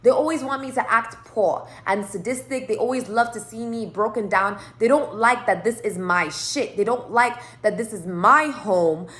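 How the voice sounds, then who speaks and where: A woman's voice: a little high, moderate pace, hardly any pauses, fairly bright tone. A woman telling a rambling story in a casual monologue, swearing a lot and stressing her words. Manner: profane, rambling, emphatic. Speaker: tarot reader.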